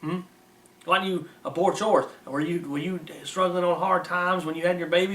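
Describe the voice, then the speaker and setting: A man with a fairly high voice gives blunt, scornful moral commentary, reading from a text and mocking as he goes. His folksy grammar comes through plainly. The sound is roomy and distant from the mic, with a faint hiss behind it. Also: fairly even intonation, normal speed, fairly bright tone. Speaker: preacher.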